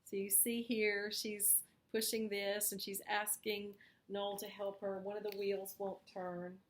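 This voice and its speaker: Slow-reading woman in an echoey room. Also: mid-range voice, level tone. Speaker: book show host. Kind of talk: reading a graphic novel aloud with commentary.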